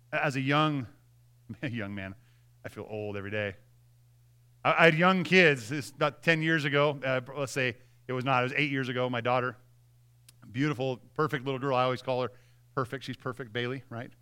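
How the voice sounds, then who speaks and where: A man's voice: mid-range voice, fairly quick, long pauses, pushed and bright, clear, resonant tone. A man in his thirties preaching a sermon as pastor, earnest and conversational with frequent restarts.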